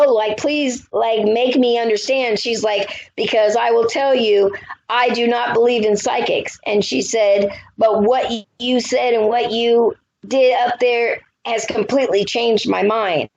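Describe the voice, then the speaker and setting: Animated psychic woman in her fifties, lo-fi. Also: on the high side, measured pace, vocal fry. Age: 50s. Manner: animated, acts out quotes in her story. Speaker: guest psychic medium. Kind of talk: storytelling in a radio interview. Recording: dull lo-fi audio.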